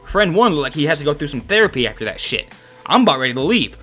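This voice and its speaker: A young man casually telling a story, animated and profane, acting out his own quoted lines. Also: fairly high pitch, fast talker, soft background music. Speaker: channel host.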